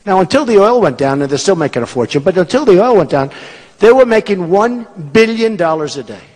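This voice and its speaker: A man in his sixties delivers a rally speech, repeating his points with emphasis and boasting as he drifts between topics. His voice sits high and swings widely in pitch. Long reverb from a large performing arts hall trails each phrase. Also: very animated, a little fast, a little mellow. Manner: repetitive, emphatic, boastful, digressive. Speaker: political candidate speaking at a rally.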